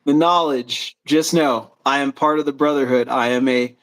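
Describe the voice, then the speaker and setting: This co-host of a laid-back chat show has a medium-pitched, fairly bright voice with fairly even intonation and a normal speed. He spins long, meandering tales and performs the voices of the characters he quotes.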